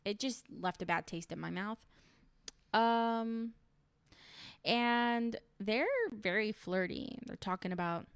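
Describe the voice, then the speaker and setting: A woman with a smooth, clean voice gives a casual recap of a reality show. She chats on with opinions and many fillers. The sound is dry and close, with no room echo. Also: mid-range voice, slow pace. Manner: chatty and opinionated, lots of "like" and "um".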